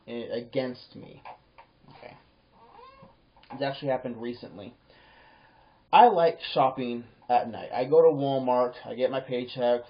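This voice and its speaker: A man telling a personal story to camera in a casual, rambling way, often repeating words and acting out the back-and-forth of conversations. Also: mid-range voice. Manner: rambling, repeats words, acts out quoted exchanges. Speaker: vlogger. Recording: dull lo-fi home recording.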